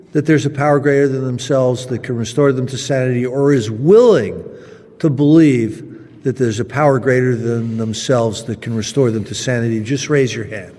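A man's voice: medium pitch, mellow. A man leading a meeting, speaking plainly and casually to the group. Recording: long reverb in a hall.

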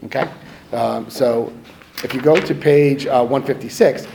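This middle-aged storyteller is unhurried, his mid-range voice creaky and mellow with fairly even intonation. He talks conversationally, self-mocking and acting out quotes, on a low-quality recording with a little hiss or hum.

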